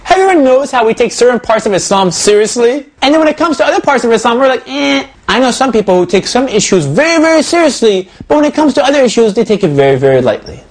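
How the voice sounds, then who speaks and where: High, husky-voiced man doing comic commentary. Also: sing-song, quick pace, few pauses. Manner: joking, then preachy and earnest. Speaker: host. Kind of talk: comedic commentary to camera.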